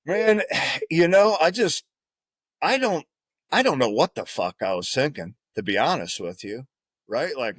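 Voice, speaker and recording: A man spins a loose, profane story in a casual interview, circling back with "right?" at the end of his thoughts. His voice sits at an everyday middle pitch. The sound is close and dry. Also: very animated, slow pace, long pauses, no room sound. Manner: profane, rambling, tag questions like "right?". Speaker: podcast guest, former Marine.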